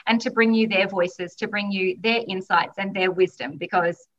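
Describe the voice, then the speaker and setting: A woman's voice: mid-range voice, steady tone, normal speed, fairly bright tone, lo-fi sound. A woman hosting a podcast interview, bubbly and effusive, often laughing. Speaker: podcast host.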